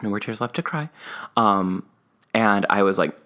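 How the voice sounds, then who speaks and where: A young man co-hosting a podcast, telling a personal story in casual chat and acting out his family's lines. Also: normal speed. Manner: animated storyteller who acts out family members' lines in a high, wavering voice. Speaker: podcast co-host.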